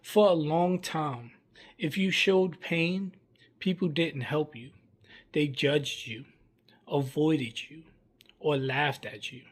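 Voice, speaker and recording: Earnest man giving slow reflective commentary. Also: a little high, steady tone. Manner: earnest, measured, speaks in short plain phrases. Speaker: commentary vlogger.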